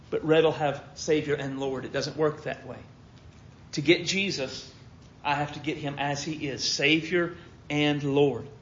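An American man preaching a sermon with earnest emphasis that swings between loud stresses and quiet low asides. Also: slight background noise. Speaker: pastor. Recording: dull lo-fi sermon audio.

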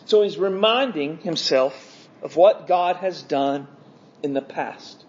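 A man preaching an evening sermon, earnest, stretching key words slowly. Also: high voice, darkish tone. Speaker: pastor. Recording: dull lo-fi sermon audio.

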